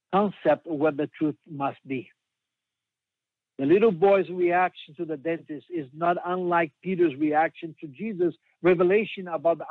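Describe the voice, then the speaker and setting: A man preaching a sermon slowly and emphatically, pausing often between phrases. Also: a little high, no echo. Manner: slow, emphatic preaching with long pauses. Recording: dry, tinny phone-like sound.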